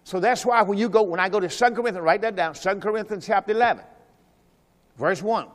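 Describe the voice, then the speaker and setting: A high-voiced man preaching in a church, speaking. He swings from loud, pressing exhortation to low, confiding asides as he works through scripture. His voice rings out with a long reverb through the hall. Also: fast. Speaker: pastor. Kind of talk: sermon. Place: church during a Sunday service.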